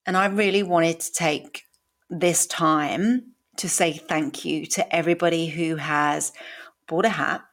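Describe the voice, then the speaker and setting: A woman's voice: low voice, fairly even intonation, a little slow, fairly bright tone. A woman in her forties hosting a podcast, telling her own story in a candid, emotional way and swearing casually. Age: 40s. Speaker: podcast host. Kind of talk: personal story monologue.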